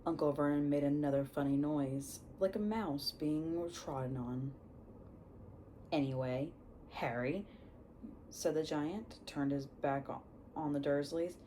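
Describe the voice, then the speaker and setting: A young woman reads a book aloud at an unhurried pace, stumbling over words and correcting herself. Her voice is low, mellow and soft-toned. A faint background noise runs behind her. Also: rough recording. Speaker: reader. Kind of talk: storybook read-aloud.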